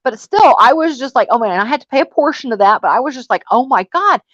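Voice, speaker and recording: A woman's voice: high voice, lively intonation, quick pace, fairly bright tone, dry recording, highs cut off. A woman hosting a casual panel chat, telling stories in a chatty, exasperated way. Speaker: host.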